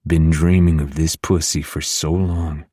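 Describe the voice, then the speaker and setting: A cocky vampire lover, read by a man in an audiobook, teasing and intimate. His voice sits extremely deep and husky, with a dry, close sound and no room around it. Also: little pitch movement, a little slow, mellow, no room sound, heavily acted. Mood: teasing, seductive. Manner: low, teasing, intimate delivery. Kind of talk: audiobook dual narration.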